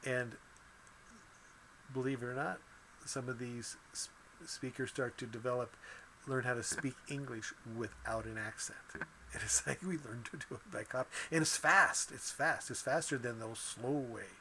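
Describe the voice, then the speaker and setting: A man gives a loose, conversational lesson, circling back on his words and chuckling between points. His voice sits at an ordinary middle pitch, with a faint hiss of background noise under the recording. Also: moderate pace, pushed and bright. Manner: rambling, self-correcting, chuckles often. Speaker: teacher. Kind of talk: casual lecture.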